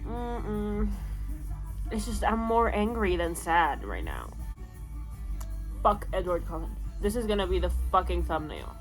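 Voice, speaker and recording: A young woman talks to camera in a casual book vlog, emotional and swearing freely. She swings between loud outbursts and low, muttered complaints. Faint music plays behind her voice. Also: very animated, unhurried, long pauses. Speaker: book vlogger. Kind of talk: casual reading vlog reaction.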